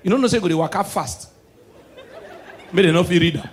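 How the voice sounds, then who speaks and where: High-voiced Nigerian comedian, loud and animated. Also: male voice, quick pace. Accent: Nigerian Pidgin English. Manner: loud and animated, shouting punchlines. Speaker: stand-up comedian. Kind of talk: stand-up comedy set.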